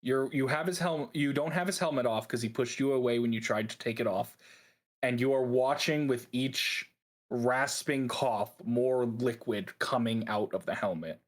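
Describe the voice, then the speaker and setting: A man runs a tabletop game, narrating the scene at an easy, middling pitch. He talks in a relaxed, playful way and keeps breaking into laughter. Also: normal speed. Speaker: game master.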